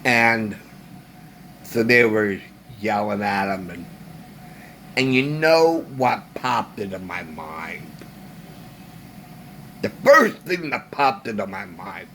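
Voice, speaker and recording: A man speaking alone to the camera, ranting in a casual monologue with slow emphasis and long pauses. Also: lowish voice, lively intonation, fairly bright tone, a little hiss or hum. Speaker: vlogger.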